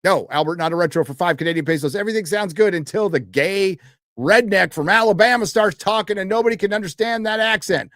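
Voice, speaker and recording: A man's voice: sits high, fast talker, fairly bright tone, no room sound, studio quality. Offhand man reading live chat. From United States. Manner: offhand, crude, reads chat messages aloud with frequent fillers. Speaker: livestream host reading donations. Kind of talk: casual live-stream chat.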